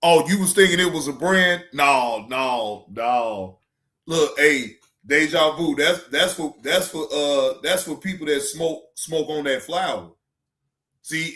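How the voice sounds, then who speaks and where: A man with a slightly high, somewhat bright voice speaks a little slowly in a roomy-sounding space. He hosts a reaction livestream, chatting casually and rambling loosely with slang and swearing as he talks to his chat.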